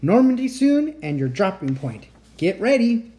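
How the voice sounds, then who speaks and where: A woman voicing a confident young man pilot who calls out brisk, clipped commands in a storybook reading. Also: mid-range voice, very animated, mellow, voice pushed up. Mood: commanding.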